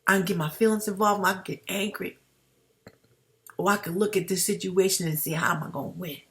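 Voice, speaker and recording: A woman's voice: mid-range voice, steady tone, brisk, fairly bright tone. Impassioned woman vlogging to her viewers. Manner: impassioned, addresses viewers as family. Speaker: YouTube commentator. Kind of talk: direct-to-camera commentary vlog.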